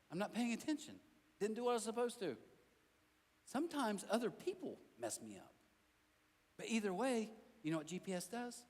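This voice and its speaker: A man preaching a sermon as a pastor, telling animated stories with self-deprecating jokes and talking directly to the crowd in a church auditorium. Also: mid-range voice. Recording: long hall reverb.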